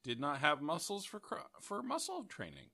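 A man's voice: on the high side, huge pitch swings, normal speed, gravelly, pushed and bright, no echo, studio quality. A man co-hosting a podcast in a playful, joking casual chat, laughing often. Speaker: podcast co-host.

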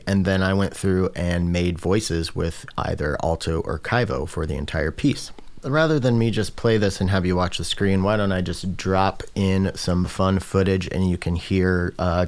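Male podcast host, deep and dry, loose chatty delivery. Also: darkish tone, no echo. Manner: chatty, many fillers and restarts. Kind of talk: casual podcast chat.

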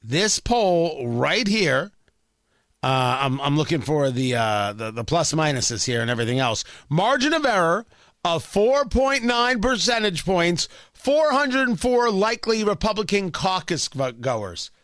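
A man's voice: fairly high pitch, sing-song, a little slow, fairly bright tone, dry recording, studio quality. A man hosting political talk radio, giving emphatic, opinionated commentary and repeating phrases for effect.

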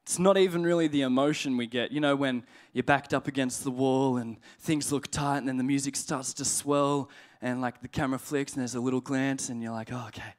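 A man preaching a sermon in a conversational, humorous way, slowing down to read scripture aloud. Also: mid-range voice, steady tone. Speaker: pastor.

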